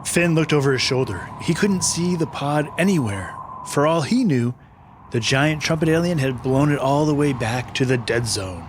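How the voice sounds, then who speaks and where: A man's voice: mid-range voice, normal speed, background noise. A man hosting and narrating a scripted children's adventure story, patient and friendly. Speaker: host and narrator.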